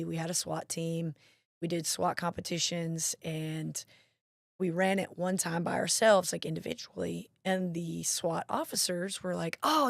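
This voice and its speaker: Woman, chatty storyteller, low-ish voice, gravelly. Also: dry recording, clean studio sound. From Mississippi. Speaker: interview guest, National Guard marketing director. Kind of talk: casual interview chat.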